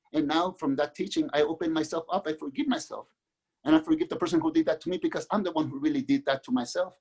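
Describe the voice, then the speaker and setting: A middle-aged man from Mexico, a guest author, telling his own life story in an earnest, halting way with many restarts. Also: on the high side, darkish tone. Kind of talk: candid personal storytelling.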